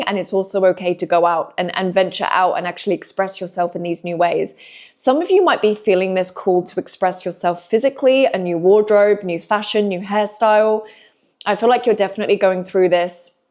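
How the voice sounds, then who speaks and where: Gentle soothing woman reader. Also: mid-range voice. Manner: gentle, reassuring, emotional, with sighs and pauses. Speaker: intuitive reader speaking to viewers. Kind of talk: spiritual channeled message to camera.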